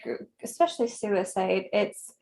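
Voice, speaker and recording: A woman in her thirties, a guest in an interview, speaking gently and reflectively, with frequent soft laughs. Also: mid-range voice, lively intonation, gravelly. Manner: slow, gentle, reflective, laughs softly often. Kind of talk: conversational interview.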